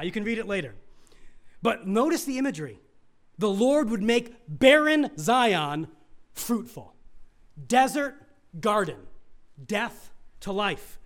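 A middle-aged man with a high-pitched voice preaches a sermon as a pastor, putting questions to the congregation and swinging between loud emphasis and near-hushed asides.

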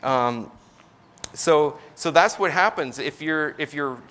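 Relaxed, conversational male preacher. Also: a little high, takes it slowly. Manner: conversational, many fillers and restarts, explanatory. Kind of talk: casual sermon teaching.

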